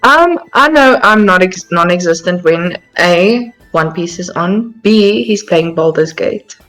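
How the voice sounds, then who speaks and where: A woman joining a tabletop game call through earphones, chatty and animated. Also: on the low side, measured pace, faint music behind, poor audio. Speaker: player. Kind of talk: casual chat over voice call. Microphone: earphones mic.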